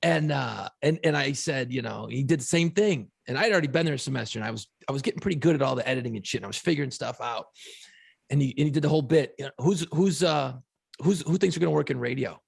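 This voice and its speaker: A man's voice: mid-range voice, quick pace, creaky, breathy edge. A man co-hosting a podcast, telling stories in a profane, fired-up casual chat. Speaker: podcast co-host.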